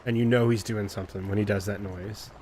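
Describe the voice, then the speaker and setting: A man streamer chatting casually, telling an animated story in a loose, profane way and imitating cat noises. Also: on the low side, brisk, a little hiss or hum. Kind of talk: casual chat.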